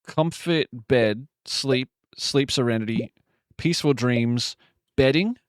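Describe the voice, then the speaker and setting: Slow-talking man muttering guesses. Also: mid-range voice, clear, resonant tone, no echo, clean studio sound. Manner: muttering guesses, sudden excited outbursts. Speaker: streamer. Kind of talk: live game stream, thinking aloud.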